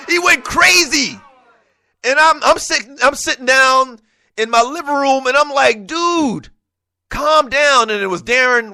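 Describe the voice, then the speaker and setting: A man hosting a sports talk show in a studio, delivering a passionate, animated monologue that often escalates into shouting. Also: high-pitched, smooth, no room sound. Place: radio studio.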